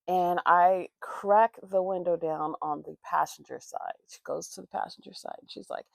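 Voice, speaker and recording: Woman vlogger, heavy vocal fry, casual profane storytime, dry close mic. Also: lowish voice, moderate pace, few pauses, dry recording. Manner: rambling, profane, acts out quoted voices. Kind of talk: casual storytime while doing makeup. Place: at home, morning makeup routine.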